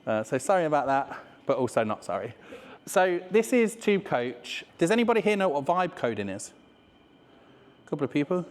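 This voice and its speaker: A man's voice: mid-range voice, long reverb tail. A man with a Leicester accent giving a casual, swearing business talk to a live audience, often asking "right?". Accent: Leicester English. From England. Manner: chatty and swearing, with many "right?" asides. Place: room with an audience.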